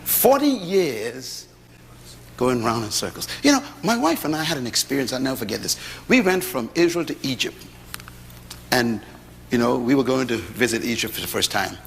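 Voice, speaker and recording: Animated preacher man in an echoey hall. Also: mid-range voice, a little fast, vocal fry, slight background noise. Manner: lively preaching with rhetorical questions and humorous storytelling. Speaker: pastor. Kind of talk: sermon. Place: large hall with audience. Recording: echoey hall, faint ambience.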